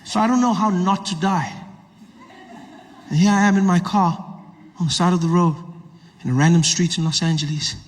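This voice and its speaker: A man performing stand-up comedy, telling a story in an animated way and acting out both sides of it. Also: high-pitched, normal speed, long pauses. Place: large comedy venue. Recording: echoey live venue with loud crowd noise. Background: audience laughter.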